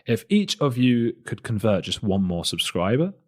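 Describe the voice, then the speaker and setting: A man's voice: fairly low pitch, big pitch swings, moderate pace. A man hosting a podcast, giving a chatty, rambling solo introduction with self-deprecating asides. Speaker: podcast host.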